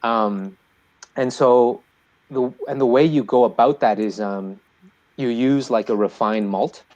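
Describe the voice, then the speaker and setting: Male podcast guest, brewer, loose animated storyteller, mid-pitched, lots of "like" and "um". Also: measured pace, muffled recording. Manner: animated storyteller with many fillers. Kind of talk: casual podcast chat.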